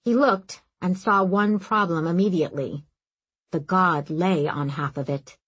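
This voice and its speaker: A woman reading a fantasy novel aloud in calm, even scripted narration. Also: on the low side, a little slow, breathy edge, dull audio. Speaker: audiobook narrator.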